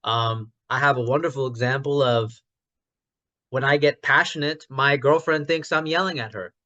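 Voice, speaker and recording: A man in a casual online discussion who thinks aloud with many restarts and gets loud when passionate about ideas. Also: medium pitch, fairly even intonation, normal speed, lo-fi sound. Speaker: discussion participant.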